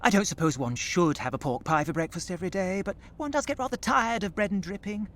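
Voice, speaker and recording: A man's voice: high voice, quick pace, fairly bright tone. An actor playing a pompous, posh, old-fashioned male presenter with a plummy, fussy manner in a radio comedy. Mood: prim.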